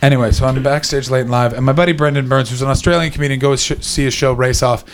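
A man hosting stand-up comedy does loud, rapid, profane crowd work and storytelling, bantering with the audience amid their laughter. His voice is medium-pitched with fairly even intonation, and there's slight background noise.

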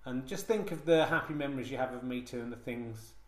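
The man talks at a quick pace in a medium-pitched voice while hosting a comedy podcast. His mock-solemn monologue rambles, full of hesitations and restarts. He's recorded on a handheld digital recorder in a roomy, echoing room.

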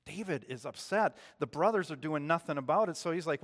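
A man preaching a sermon in a church, retelling stories in a relaxed, conversational way and putting questions to the congregation. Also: a little high, brisk, long reverb tail.

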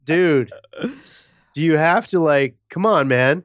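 A man's voice: on the high side, slow, dry recording. A man co-hosting a comedy podcast, rambling casually with lots of fillers and profanity. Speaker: podcast co-host.

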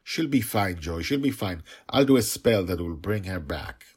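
A man's voice: low-pitched, lively intonation, normal speed, slightly rough. A man voicing an anxious father who tries to reassure his small daughter in a coaxing tone.

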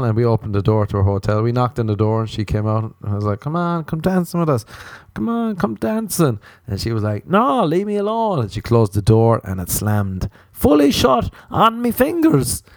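A young man with an Irish accent telling rambling comic stories, often jumping into squealing high voices. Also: a little mellow, dry recording. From Ireland. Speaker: comedian. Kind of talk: comic storytelling monologue.

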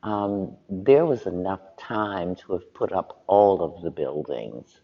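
A man speaking on a panel, telling stories and giving advice in a relaxed, conversational way. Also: low voice, long reverb tail, muffled recording. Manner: unhurried, conversational, chuckles while telling stories.

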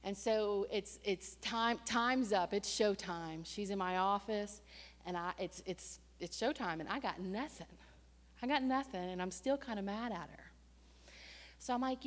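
A woman preaching a sermon and telling a personal story in a lively, conversational way, with sudden surges in pitch and loudness. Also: unhurried. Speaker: church staff member and preacher. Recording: long hall reverb.

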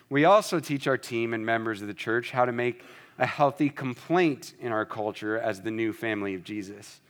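A man delivering a sermon in an ordinary mid-range voice. He speaks earnestly and directly to his congregation and often restarts his words in quick repeats. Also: mid-range voice, a bit bright. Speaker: pastor.

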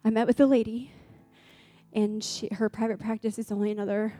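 A woman's voice: fairly high pitch, little pitch movement, a little fast, dark tone. A woman preaching a sermon to a congregation, sharing personal testimony in an earnest way that builds to fervent exhortation. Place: gathering room with a congregation.

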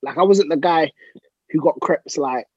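A man's voice: fairly high pitch, normal speed, darkish tone, breathy edge, dry recording, lo-fi sound. A young man, chatting and joking with friends. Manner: chatty, laughing, slangy. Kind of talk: casual chat among friends.

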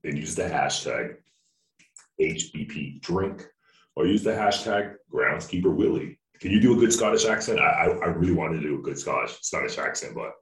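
A man's voice: low voice, lively intonation, normal speed. A man co-hosting a podcast in casual chat, rambling and joking with frequent restarts. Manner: rambling, jokey, restarts often. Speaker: podcast co-host. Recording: echoey room, distant mic.

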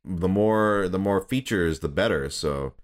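A man's voice: low voice, a little slow. A young man chatting casually, rambling and restarting often, eager about his favorite things. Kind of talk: casual chat.

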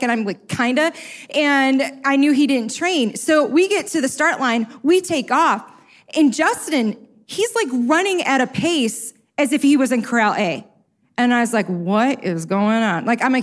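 A woman telling a humorous personal story to a live audience, self-mocking and acting out what people said. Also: high voice. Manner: lively, self-mocking, acts out quotes. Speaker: speaker sharing a personal story.

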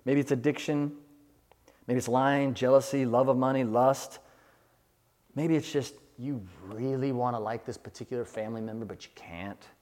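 A man's voice: medium pitch, fairly even intonation, moderate pace, darkish tone. Male pastor, sermon delivery, rhythmic list-building, mid-range voice, big reverberant room. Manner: preaches in rhythmic lists, voicing imagined prayers.

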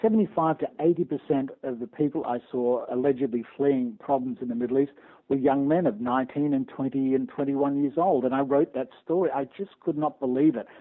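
A man from Australia calls in to a radio show as a guest, pressing his points hard and restarting phrases as he goes. His voice comes through a narrow, tinny phone line. He sounds like an ordinary middle-pitched speaker. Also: fairly even intonation, fairly quick. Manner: emphatic, insistent, frequent restarts. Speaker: interview guest, newspaper editor. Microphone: telephone.

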